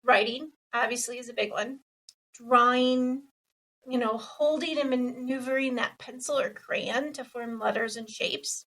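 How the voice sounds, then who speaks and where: A woman podcast co-host with a high voice, sitting a little away from the mic. She explains steadily and runs through lists of examples. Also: a bit bright, recorded from a distance, rough recording. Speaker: podcast co-host, occupational therapist. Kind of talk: casual podcast chat, explaining.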